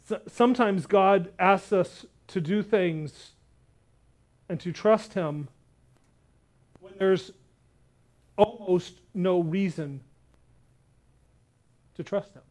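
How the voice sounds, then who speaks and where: A male pastor preaching a sermon, telling a story and slowing down hard on key words. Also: sits high, a little mellow. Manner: emphatic, slows down on key words.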